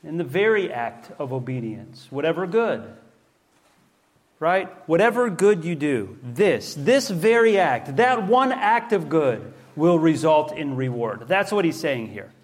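Male preacher mid-sermon, slightly high voice, emphatic, asks rhetorical questions. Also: sing-song, unhurried.

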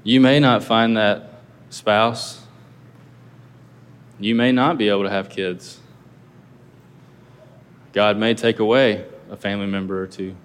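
A man's voice: fairly low pitch, fairly even intonation, takes it slowly, long pauses, smooth. A male pastor preaching a sermon earnestly, asking his listeners rhetorical questions. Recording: long reverb of a large hall.

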